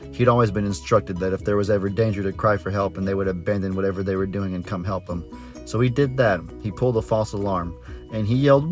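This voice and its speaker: Chatty low-voiced farmer vlogger. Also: male voice, steady tone, fast, a little mellow, faint music behind. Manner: chatty, folksy, self-interrupting. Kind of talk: casual storytelling vlog.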